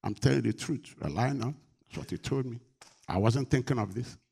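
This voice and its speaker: A man preaching a sermon as pastor, emphatic, with call-and-response questions to the congregation and bursts of rising pitch and volume. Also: expressive, fairly quick, gravelly, dark tone, slightly rough.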